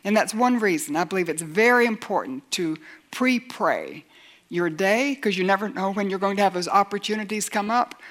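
A woman preaching a sermon in an earnest way, acting out doubters' objections and building to forceful emphasis. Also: mid-range voice, animated, moderate pace.

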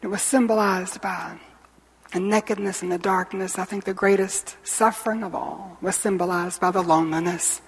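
A woman preacher delivering a sermon with dramatic swings from hushed whispers to ringing proclamation. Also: mid-range voice, steady tone, moderate pace, slightly rough. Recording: reverberant hall.

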